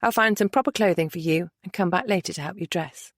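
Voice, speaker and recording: A woman voicing a strong-willed young lady who talks briskly and teases gently. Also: lowish voice, dry recording, studio quality. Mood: lively.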